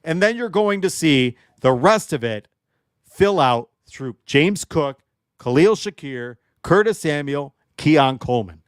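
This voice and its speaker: A man's voice: on the high side, expressive, a little slow, smooth, no echo, studio quality. Fired-up man ranting about football. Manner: emotionally charged, ranting, joking with chat. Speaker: sports show host. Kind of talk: livestream football analysis.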